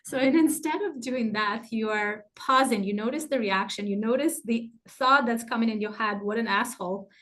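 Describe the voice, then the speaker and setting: A middle-aged woman leads a workshop in a fairly high voice. She is animated, laughs a lot and acts out the thoughts in her head. Her talk is lively and personal. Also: moderate pace, few pauses. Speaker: masterclass teacher. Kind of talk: live online workshop teaching.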